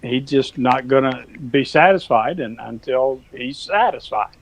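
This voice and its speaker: A man's voice: medium pitch, expressive, unhurried, low-quality recording. A man, a cattle rancher, telling a rambling farm story in a folksy, chuckling manner. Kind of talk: casual storytelling.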